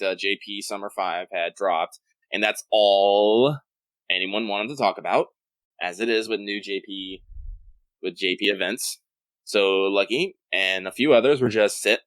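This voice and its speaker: A man co-hosting a podcast, telling rambling stories in a quick, casual chat. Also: fairly low pitch, a bit bright, dry recording. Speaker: podcast co-host.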